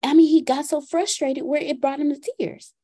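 Podcast host, woman, high mellow voice, lively storyteller who plays out dialogue. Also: moderate pace. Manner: animated, acts out dialogue with her son. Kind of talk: casual storytelling.

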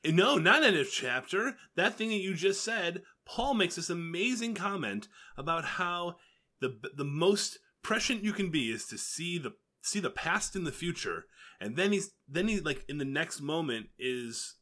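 A man's voice: on the high side, very animated, unhurried, pushed and bright. A man co-hosting a podcast in casual chat, eagerly jumping in with corrections and details. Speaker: podcast co-host.

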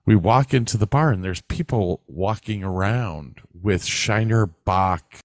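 A man's voice: fairly low pitch, a little slow, no echo, clean studio sound. A man co-hosting a podcast, telling rambling stories in casual chat and swearing freely, with a northern US accent. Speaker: podcast co-host. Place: Texas.

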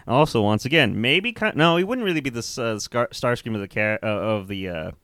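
A man's voice: mid-range voice, expressive, brisk, a bit bright, no echo. Laughing, swearing young man co-hosting a podcast. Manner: swears freely, laughs often, rambling. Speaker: podcast co-host. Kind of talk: casual chat.

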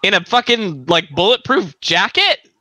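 A man's voice: high-pitched, sing-song, unhurried, bright, forceful tone, no echo. A man co-hosting a podcast, teasing his friends and laughing a lot while they watch wrestling. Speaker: podcast co-host. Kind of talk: casual watch-along chat.

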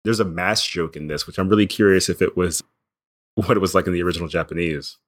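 A man co-hosting a comics podcast in relaxed casual chat, laughing often. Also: deep voice, fast, no room sound. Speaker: podcast co-host.

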